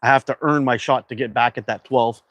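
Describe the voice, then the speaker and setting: A man's voice: mid-range voice, steady tone, brisk, a bit bright, no room sound. A man from Canada hosting a casual livestream, chatting and reading viewer comments aloud in a loose, rambling way. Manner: laid-back, rambling with fillers. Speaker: livestream host.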